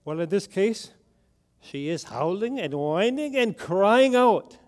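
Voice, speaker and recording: A man's voice: sits high, big pitch swings, slow pace. A man preaching a sermon, telling a story dramatically and asking the congregation rhetorical questions.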